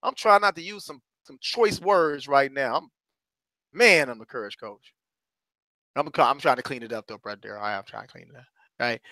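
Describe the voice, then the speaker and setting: A middle-aged man giving a fiery, preacher-style motivational talk as a courage coach. He swings from loud exhortation to hushed asides. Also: mid-range voice, moderate pace, no room sound.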